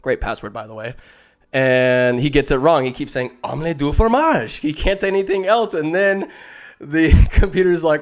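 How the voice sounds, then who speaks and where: A man hosting a podcast in rambling, casual commentary. He is excitable, laughs often and swears freely. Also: fairly high pitch, normal speed. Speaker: podcast host.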